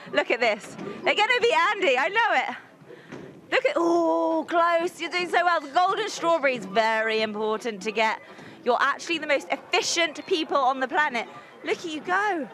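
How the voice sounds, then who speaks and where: A woman's voice: sits high, bright, forceful tone. A woman presenter interviewing people outdoors at a tennis venue and hosting a game, bubbly, cheering and encouraging.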